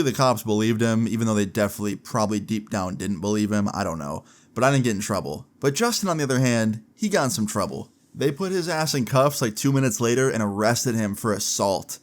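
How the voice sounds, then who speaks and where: A young man telling a story on his vlog in a chatty, casual way. He talks loosely, dropping "like" often as he goes. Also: on the low side. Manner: chatty, fillers of "like". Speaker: vlogger.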